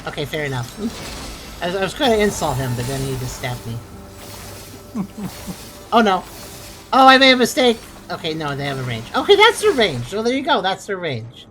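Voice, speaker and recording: Lively-voiced woman streaming a game. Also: deep voice, fast, faint music behind. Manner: chatty, reactive, playful asides. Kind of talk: casual gameplay commentary.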